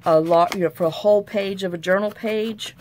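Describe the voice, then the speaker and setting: A woman's voice: medium pitch, steady tone, brisk, darkish tone, slight background noise. A middle-aged woman, hosting a chatty crafting tutorial at her craft table and rambling off on folksy, self-mocking tangents.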